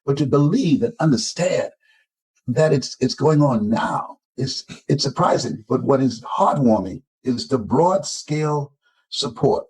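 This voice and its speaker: A man's voice: mid-range voice, animated, measured pace, darkish tone, husky, rough recording. An older man from Florida, a motivational speaker telling stories in an interview and acting out the voices he quotes. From Florida, United States. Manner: emphatic storyteller who acts out quoted voices. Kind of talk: interview storytelling.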